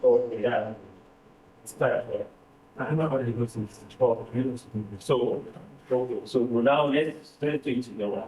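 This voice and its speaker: A man's voice: mid-range voice, a little slow, warm tone, slight background noise. A man teaching a finance class, repeating numbers and quizzing his students. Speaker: finance tutor. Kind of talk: classroom lecture. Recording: roomy, distant classroom recording.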